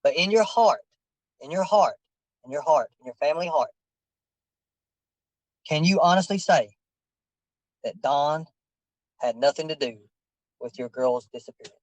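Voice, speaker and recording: A man's voice: a little high, animated, measured pace, pauses often, no room sound, rough recording. A man in a heated confrontation, insistent and preachy, repeating his questions over and over.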